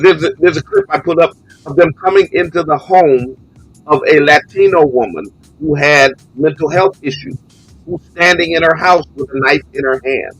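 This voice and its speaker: Emphatic, animated bishop hosting a show. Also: male voice, a little high, no echo, poor audio. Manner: emphatic, repeats words for stress, rising to a shout. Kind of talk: impassioned live call-in commentary.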